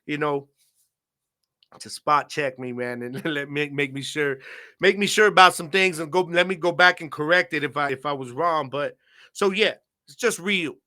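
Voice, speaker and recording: A man in his thirties hosts his own sports podcast in a loose, chatty way, dropping "man" and "you know" into almost every sentence. His voice sits a bit high and rings bright and forward. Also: moderate pace. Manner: laid-back, slangy, lots of "man" and "you know". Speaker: podcast host. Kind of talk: casual solo podcast talk.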